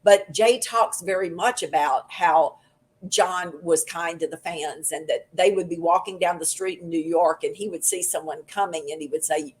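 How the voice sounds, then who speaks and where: A woman's voice: lowish voice, moderate pace, husky. A woman, a guest author telling stories expressively in a podcast chat. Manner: expressive storyteller, acts out quotes. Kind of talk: casual podcast conversation.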